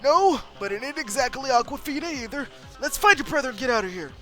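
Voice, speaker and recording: A woman voicing a gruff, blunt old grandfather in a story game. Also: high voice, expressive, fast talker, a bit bright, soft background music, pitched above the performer's own voice. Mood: impatient.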